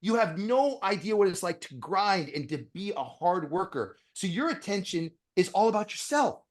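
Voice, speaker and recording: Brash, profane man telling animated stories. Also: high voice, moderate pace. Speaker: podcast guest, dentist. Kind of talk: blunt podcast interview talk.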